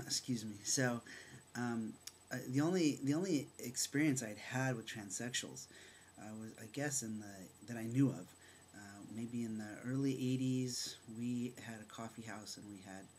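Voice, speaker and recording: A middle-aged man candidly telling a personal story, animated and halting, with fillers and restarts as he acts out remembered dialogue. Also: medium pitch, slight background noise. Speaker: storyteller sharing his own experience.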